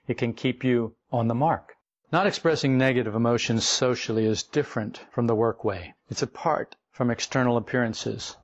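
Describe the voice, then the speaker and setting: A man's voice: medium pitch, highs cut off. A man giving a spoken spiritual lecture as a teacher, folksy and wry, with playful acted asides. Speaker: esoteric teacher.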